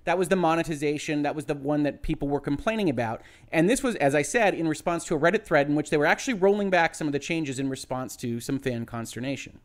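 A man who is a lawyer giving measured, methodical commentary and explaining his reasoning step by step. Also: on the high side, lively intonation. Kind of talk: analytical legal commentary.

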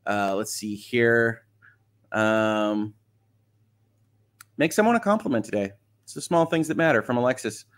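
With a clear, resonant, medium-pitched voice, a middle-aged Michigan man speaks at a measured pace with long pauses. He's hosting a casual morning livestream, reading viewer comments aloud and chuckling often as he chats about them.

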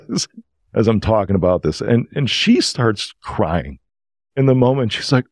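A man who is a podcast guest, telling stories in an earnest, emotional and animated way. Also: mid-range voice, moderate pace, no echo, studio quality. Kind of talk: casual storytelling.

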